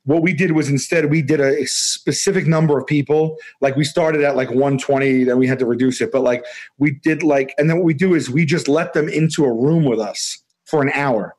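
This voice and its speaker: A man in his forties tells a long anecdote as a guest on a podcast. He rambles, restarts his sentences and breaks into laughter. His voice sits a little high for a man. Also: fairly quick, a little mellow. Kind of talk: casual storytelling.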